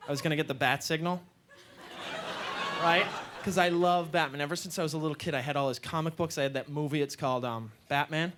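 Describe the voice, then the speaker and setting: A male stand-up comedian performs a live set on a club stage with a handheld mic, telling stories animatedly with deadpan asides. His voice is fairly high and fast, and the recording picks up audience laughter and room noise.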